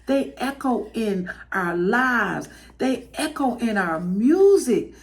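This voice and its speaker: A woman with a drawl hosts her podcast through tears. Her voice sits a bit high and swings widely in pitch as she testifies to her listeners. She takes her time and draws her words out slowly. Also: big pitch swings. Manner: emotional, testifying, addresses listeners as y'all. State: tearful. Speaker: podcast host. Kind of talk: heartfelt spoken reflection.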